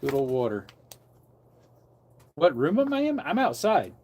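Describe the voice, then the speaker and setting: A man's voice: fairly high pitch, huge pitch swings, unhurried, darkish tone, slight background noise. A man who preaches, chatting casually on a livestream from an outdoor porch and wandering between topics as he reads comments aloud.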